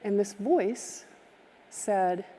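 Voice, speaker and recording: Speaking extremely slowly in a dark, medium-pitched voice with lively intonation, a woman tells a heartfelt story at a summit, playing the people in it and painting vivid details. The storytelling keynote was live-streamed from an echoing hall.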